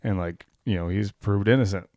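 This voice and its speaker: In a dark-toned, lowish voice at a fairly quick clip, the man co-hosts a laid-back podcast, with clean studio sound and no echo. He reads documents aloud, frequently laughing and swearing as he gets heated.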